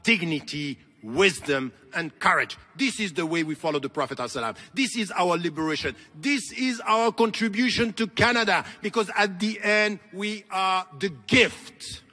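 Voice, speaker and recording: A man's voice: high-pitched, lively intonation, normal speed, hardly any pauses, bright, forceful tone, long reverb tail, soft background music. A man giving an impassioned convention speech, with emphatic, repetitive rhetoric. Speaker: convention keynote speaker. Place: large convention hall.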